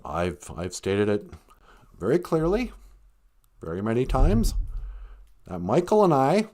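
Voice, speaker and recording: A man voicing a former president in a comic impression, halting and stammering as he corrects himself. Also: mid-range voice, wildly swooping pitch, warm tone. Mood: flustered.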